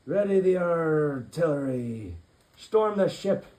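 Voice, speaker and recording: Guy doing a big shouty pirate captain from a kids book, barks every order. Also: on the high side, animated, slow pace, voice pushed up. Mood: roaring. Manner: roaring, barking orders. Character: loud blustering male pirate captain.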